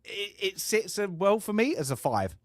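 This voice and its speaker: Halting man giving a casual film opinion. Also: sits high, very animated, no echo, studio quality. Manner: halting, restarts often, laughs easily. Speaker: film review podcast co-host. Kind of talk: casual film review chat.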